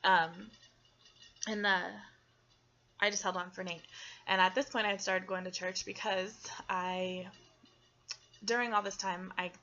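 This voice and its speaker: Young woman, personal testimony, earnest and halting, bright forceful tone, muffled lo-fi recording. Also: medium pitch, fairly even intonation. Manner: earnest, halting, with frequent ums and restarts. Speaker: testimony speaker.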